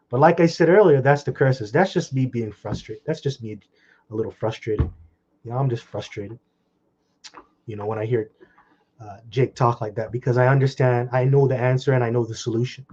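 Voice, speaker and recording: A man's voice: fairly even intonation, fairly quick, slightly rough. Fiery, profane man teaching scripture. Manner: fiery, swinging from loud outbursts to low muttering; blunt and profane. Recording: dull lo-fi recording.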